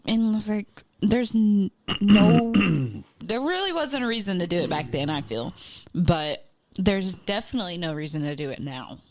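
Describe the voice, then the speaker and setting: A woman's voice: lowish voice, expressive, moderate pace, a little mellow. A woman co-hosting a podcast, rambling through casual chat with many fillers. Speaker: podcast co-host.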